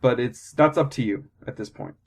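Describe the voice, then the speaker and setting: A man's voice: mid-range voice, moderate pace. Rambling male game master. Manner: rambling, full of fillers and self-corrections. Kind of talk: narrating a tabletop game.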